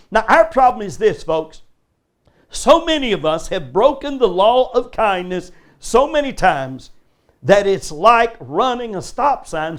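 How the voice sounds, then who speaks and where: An older man preaching a live sermon in a church, addressing the congregation with emphatic rhetorical questions. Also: high-pitched. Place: church service before a congregation.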